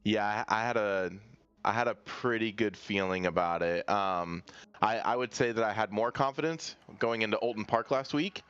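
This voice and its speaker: A man's voice: fairly low pitch, normal speed, fairly bright tone, clean tone, dull audio, faint music behind. A man talking as a racing driver in a casual post-race interview, hesitant, with many fillers and restarts.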